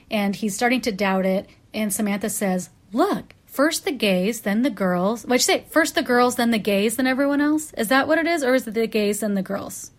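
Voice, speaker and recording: Chatty woman doing a wry countdown. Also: medium pitch. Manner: chatty, wry, with frequent "um" and self-corrections; acts out quoted characters in bursts. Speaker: pop culture commentator. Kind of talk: casual list countdown monologue.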